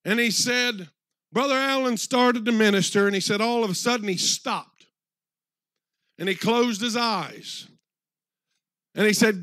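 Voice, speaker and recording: A preacher tells a story from the pulpit in a high voice. The sound is dry and close. He quotes the people in his story at length, slowing down and rising in force on the key words. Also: pushed and bright, dry recording. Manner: retells a story with many quotes, slows and swells for emphasis. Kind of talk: sermon storytelling. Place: church.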